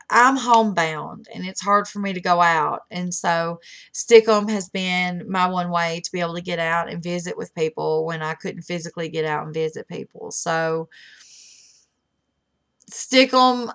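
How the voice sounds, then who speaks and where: Low, gravelly-voiced woman saying emotional goodbyes. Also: a bit bright. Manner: heartfelt, halting, fighting back tears. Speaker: webcam streamer. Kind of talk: emotional farewell message.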